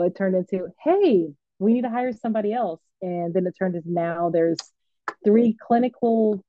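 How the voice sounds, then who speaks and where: A woman counselor in her thirties telling her story in a candid, lively, casual way, often acting out what others said. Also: mid-range voice, slight background noise. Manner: lively, candid, acts out quoted voices. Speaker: licensed mental health counselor. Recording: dry, slightly dull sound.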